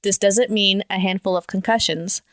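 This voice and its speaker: A woman co-hosting a podcast, reading out facts in a plain, even way. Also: medium pitch, normal speed, dry recording. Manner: laughs often, then reads facts plainly. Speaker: podcast co-host. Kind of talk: casual chat and reading notes.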